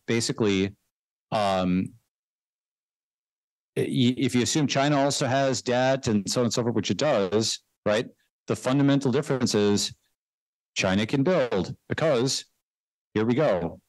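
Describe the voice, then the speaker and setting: A man's voice: mid-range voice, expressive, no echo. A man guest in a conversational interview, talking in an emphatic way and often tagging his points with "right?" and "okay.". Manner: fast, emphatic, tags remarks with "right?" and "okay". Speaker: guest investor.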